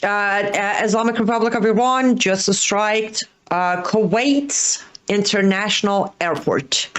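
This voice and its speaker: A woman with a mid-range voice hosts live breaking news. She relays updates and sums up events, pausing often with fillers as she talks. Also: medium pitch, a bit bright. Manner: hesitant, frequent fillers. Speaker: host.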